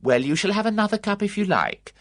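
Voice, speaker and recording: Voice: mid-range voice, very animated, brisk, no echo, clean studio sound, voice pushed up. A reader voicing a nurse who speaks in a patient, soothing way.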